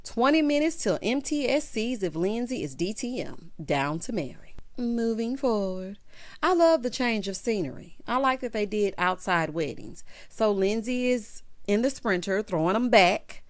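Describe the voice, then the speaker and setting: A woman's voice: mid-range voice, moderate pace. A woman giving a sassy, chatty recap of a reality TV episode, acting out the cast's lines as she goes. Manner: sassy, animated, acts out cast quotes. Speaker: show recap host. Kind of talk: casual TV recap commentary.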